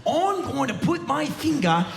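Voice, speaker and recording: A man putting on an over-the-top, manic Australian wildlife showman with a high, shouting voice, recorded live in a roomy theater. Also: very animated, measured pace, creaky, full character voice. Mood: manic excited. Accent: Australian, put on. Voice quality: shouting, high-pitched, breathless exclamations.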